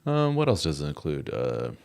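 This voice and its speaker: A middle-aged man with a deep, low-pitched voice hosts a casual live stream. His delivery is lively and full of swings in pitch. He is chatty and jokey as he greets viewers and reads out their comments. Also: moderate pace, smooth. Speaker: host of a live chat show.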